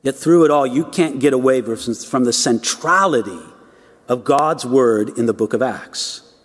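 A man's voice: medium pitch, a little slow, long reverb tail. A man preaching a sermon, emphatic, asking rhetorical questions and repeating words as he builds his points.

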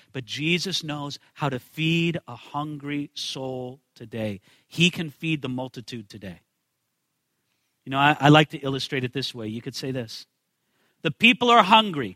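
A male pastor delivers a sermon in a high, bright voice, pressing his points with repeated phrases and rhetorical questions. The sound is close and dry, with no room around it. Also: no echo.

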